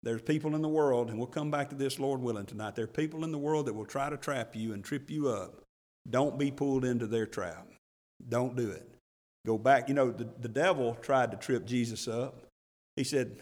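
A man's voice: medium pitch, normal speed. Man preaching a sermon in a hall. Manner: preaching with rising fervor, acting out quoted voices. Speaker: pastor.

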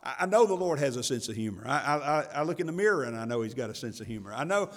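A man's voice: mid-range voice, expressive, racing, in a large hall. A man, preaching a sermon as pastor in a folksy manner, laughing often and stumbling over repeated words.

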